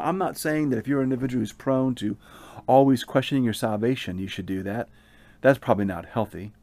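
A man preaching a sermon in an earnest, measured way, often restarting his phrases. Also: on the low side, a little mellow, dry recording.

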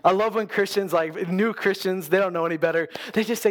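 Male pastor with a high voice, preaching to his church and stacking up rhetorical questions. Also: fast, hardly any pauses. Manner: repeats words and phrases for emphasis; asks the congregation rhetorical questions. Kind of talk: sermon.

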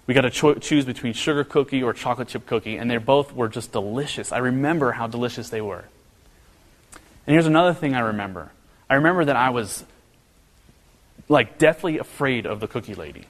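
Casting: male pastor preaching, mid-range voice, long hall reverb. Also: fairly quick. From American Midwest. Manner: earnest, storytelling with humor, pitch rising when animated. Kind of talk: sermon.

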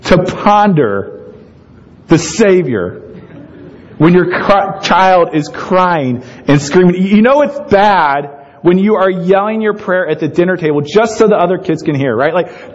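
A man preaching a sermon in a conversational, animated way, with asides to the congregation. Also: sits high, unhurried, highs cut off. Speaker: pastor.

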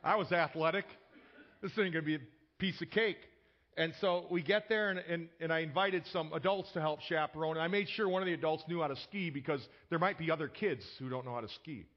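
A man with a fairly high voice delivers a sermon in an easy, conversational way. He tells personal stories and often restarts sentences by repeating a word, and the recording sounds dull and lo-fi. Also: fairly quick. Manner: conversational, repeats words when starting sentences. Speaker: pastor.

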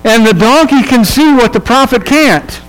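A pastor giving a sermon in a relaxed, humorous storytelling manner, checking in with his listeners and acting out the people in the story. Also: very high voice, moderate pace, poor audio. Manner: casual, humorous storytelling with quoted voices; conversational, checks in with the audience.

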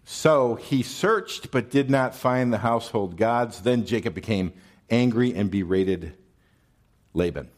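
A man's voice: fairly low pitch, a little slow. A male pastor preaching a sermon in a conversational, wry manner, asking his listeners questions.

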